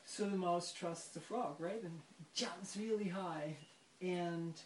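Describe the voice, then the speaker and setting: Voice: mid-range voice, slow pace, distant mic. A person retelling a story in conversation, reflective and searching for words. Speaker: participant in a spiritual discussion. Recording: echoey room, voice off mic, faint noise.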